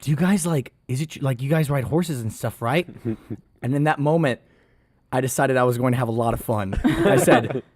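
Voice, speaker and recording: A man from Texas telling stories on a podcast in a casual, animated way, swearing freely and acting out voices. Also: mid-range voice, moderate pace, no room sound, clean studio sound. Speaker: podcast regular. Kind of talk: casual storytelling.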